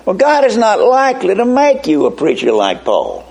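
A pastor preaching a sermon slowly and emphatically, with folksy asides. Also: male voice, high voice, wildly swooping pitch, gravelly, a little mellow.

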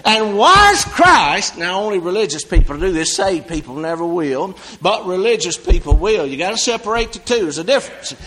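A man preaching a sermon in a folksy, animated way, swinging from loud exclamations to hushed asides. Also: high-pitched, moderate pace, few pauses, husky, low-quality recording.

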